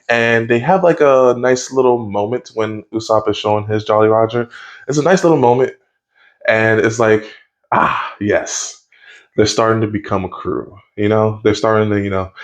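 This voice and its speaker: A man giving a casual spoken review of a TV episode, easygoing and rambling, with lots of fillers and restarts. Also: lowish voice. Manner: rambling, with frequent fillers and self-corrections; easygoing and conversational.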